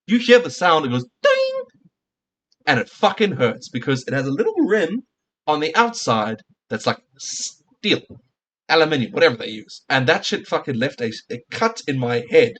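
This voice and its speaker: A man's voice: fairly high pitch, expressive, moderate pace, fairly bright tone. A male streamer in a casual reaction rant, heated and profane, firing off rhetorical questions at his viewers.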